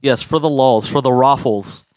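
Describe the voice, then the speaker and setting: A man's voice: medium pitch, normal speed, no echo. A young man co-hosts a casual podcast and swears his way through school stories. His voice sits in an ordinary middle register and sounds close and dry. He breaks into goofy impressions when he quotes anyone. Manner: profane, animated storyteller doing goofy quoted voices. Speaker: podcast co-host.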